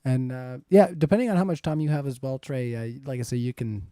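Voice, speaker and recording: A man's voice: medium pitch, fairly quick, warm tone, clear, resonant tone, no room sound, clean studio sound. A man in his thirties moderating a live-streamed debate, reading viewer questions in an easygoing, rambling way. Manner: easygoing, rambling, chuckles often.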